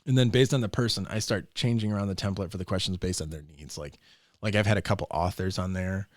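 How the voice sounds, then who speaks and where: A young man, a podcast guest, telling a story in a loose, profane, animated way and acting out the voices. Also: low-pitched, fast, no echo, clean studio sound. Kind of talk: casual storytelling.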